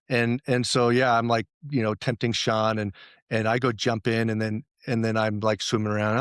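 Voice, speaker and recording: A man's voice: mid-range voice, steady tone, moderate pace, no echo, clean studio sound. A man talking as a podcast guest, telling stories and quoting his own thoughts, laughing often. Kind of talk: casual interview chat.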